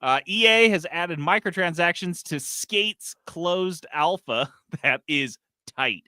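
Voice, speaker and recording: Casting: male podcast host, bright tense tone, dry close mic, animated rants. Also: high-pitched, takes it slowly, dry recording. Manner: animated, swearing, ranting. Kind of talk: casual gaming news chat.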